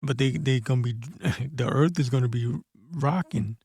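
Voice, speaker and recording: A man hosting a casual scripture commentary, blunt and profane, tossing in "man" often and reading verses slowly and deliberately. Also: mid-range voice, vocal fry, a little mellow, husky, dry recording, studio quality. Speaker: host of a prophecy commentary channel.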